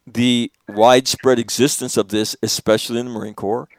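A man's voice: mid-range voice, a little fast, no room sound. A man hosting a casual conversation, speaking emphatically with frequent swearing. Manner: emphatic, profane, lively storytelling.

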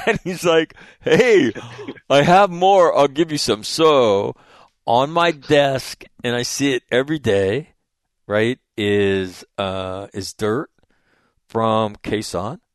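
A man hosting a casual conversation, telling stories in an animated, profane way. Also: medium pitch, no room sound, clean studio sound.

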